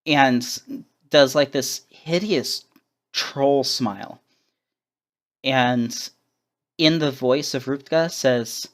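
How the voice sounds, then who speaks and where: A man narrating as game master of a tabletop game, pausing often with ums and uhs. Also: mid-range voice. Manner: hesitant, many ums and uhs.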